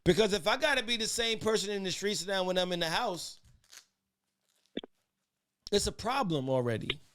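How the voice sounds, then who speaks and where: A man's voice: high-pitched, lively intonation, moderate pace, a bit bright. A man hosting a casual podcast debate, who keeps calling for order and talks in rambling restarts. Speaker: podcast host.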